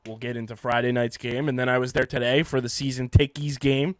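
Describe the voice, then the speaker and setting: A man hosting a casual sports podcast, hoarse from having partly lost his voice, ranting and joking at himself. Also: medium pitch, flat delivery, a little fast, dry recording, clean studio sound. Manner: ranting, self-mocking banter. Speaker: podcast host. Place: home studio.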